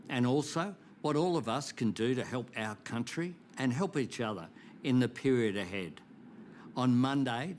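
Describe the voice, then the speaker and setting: Measured Australian man giving an address. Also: medium pitch, slight background noise. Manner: measured, reassuring. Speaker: national political leader. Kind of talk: formal televised address.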